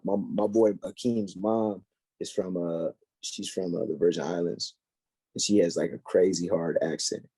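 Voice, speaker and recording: A man's voice: deep voice, moderate pace, breathy edge, no room sound. A young man chatting casually on a podcast, slangy and full of fillers as he tells stories. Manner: slangy, filler-heavy, animated storytelling.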